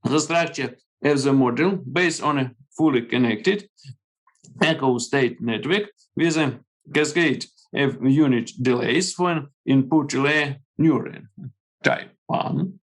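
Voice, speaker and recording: A man with a Ukrainian accent presenting research over a video call, reading his slides haltingly. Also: mid-range voice, rough recording. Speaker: conference presenter.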